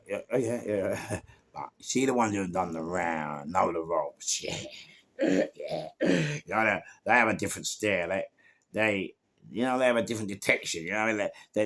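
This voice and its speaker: A man's voice: low voice, gravelly, a bit bright. A middle-aged man, telling a rambling, slangy anecdote and repeating himself as he goes. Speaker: storyteller.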